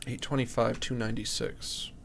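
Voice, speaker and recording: A man live-streaming a game, talking casually and joking, breaking into high shouts of disbelief. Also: normal speed, gravelly, slight background noise. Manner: animated, jokey, bursts into high shouts of disbelief. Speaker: streamer playing a horror game.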